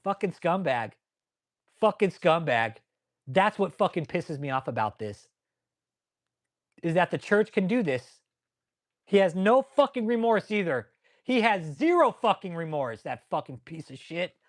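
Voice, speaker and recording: A man hosting his own channel, ranting angrily and swearing nonstop, pausing to answer viewers in the live chat. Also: high-pitched, very animated. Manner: angry, swears constantly. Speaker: channel host. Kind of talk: profane ranting commentary with live chat replies.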